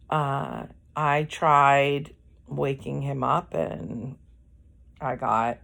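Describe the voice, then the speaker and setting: A middle-aged woman speaking slowly in a low voice with plenty of gravelly fry at the ends of her phrases. She talks candidly and conversationally, straight to her viewers, and slips into other people's voices when she quotes them. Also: steady tone, pushed and bright. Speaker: host. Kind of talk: casual personal monologue.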